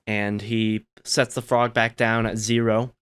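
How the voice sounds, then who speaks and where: Smooth-voiced laid-back man. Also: lowish voice, level tone, measured pace, a bit bright. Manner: meandering, laid-back, many "you know" fillers. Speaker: gaming channel host. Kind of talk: relaxed gameplay commentary with storytelling.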